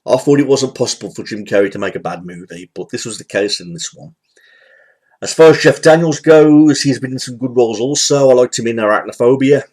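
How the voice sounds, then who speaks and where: A man's voice: mid-range voice, expressive, brisk, a little mellow, breathy edge. A man in his thirties giving a casual, rambling film review, full of fillers, repetition and the odd swear word. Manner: rambling, repeats himself, frequent fillers, occasional swearing. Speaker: movie reviewer. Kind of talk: casual spoken film rant.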